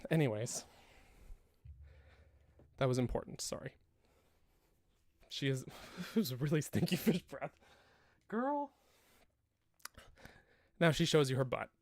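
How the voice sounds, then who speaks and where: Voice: mid-range voice, very animated, takes it slowly, pauses often, a little mellow, no echo. A streamer chatting casually during a live game stream at home, laughing often and talking to both the chat and a pet cat. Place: home room.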